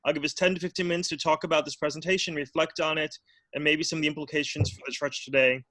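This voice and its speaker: Guy hosting a zoom discussion, bright voice, chill with lots of ums, dry sound. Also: a little high, fairly even intonation, fast, dry recording. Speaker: discussion moderator. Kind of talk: casual hosting. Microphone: video call.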